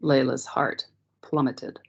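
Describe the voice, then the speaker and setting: A woman teacher reading a novel aloud to a class in a steady, measured way, on dull lo-fi meeting audio. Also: a bass voice, creaky, breathy edge.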